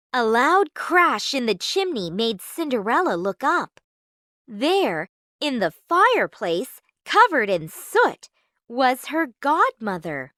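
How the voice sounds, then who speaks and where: A woman reading a children's storybook aloud in a clear, measured, expressive way. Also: high-pitched, no echo, studio quality.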